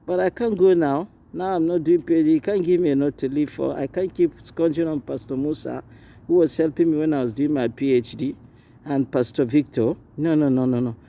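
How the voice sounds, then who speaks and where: Man, West African accent, sermon testimony, slightly high mellow voice, repeats and restarts words. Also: steady tone. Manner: repetitive, halting restarts, rising to high emphatic pitch. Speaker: preacher.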